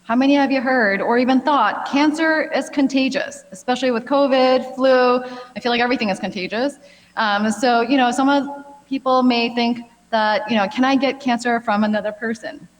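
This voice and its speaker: A woman's voice: high voice, moderate pace. A woman in her thirties, a gynecologic oncologist giving a friendly, chatty health talk with a lot of fillers. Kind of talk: health expo presentation. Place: large hall. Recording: long hall reverb.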